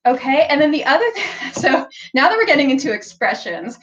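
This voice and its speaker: A woman's voice: high-pitched, very animated, fairly quick, fairly bright tone, muffled recording. Chatty woman giving a live-stream tutorial. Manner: chatty, frequent "like" and "um", bursts of playful sounds. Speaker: sewing pattern designer hosting a live stream.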